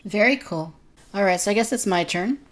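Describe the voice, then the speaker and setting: A woman's voice: mid-range voice, a little fast. A woman co-hosting a casual podcast discussion, reviewing in an earnest, detailed way. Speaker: podcast co-host.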